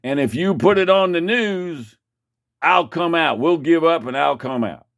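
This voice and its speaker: A man's voice: a little high, a little slow, a bit bright, dry recording, studio quality, voice pushed up. Man doing a grandiose cult leader. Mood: pleading.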